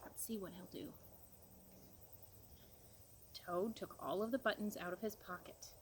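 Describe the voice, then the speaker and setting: A woman reading a picture book aloud to a child, gentle and expressive, pausing to ask questions. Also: medium pitch, a little hiss or hum, low-quality recording.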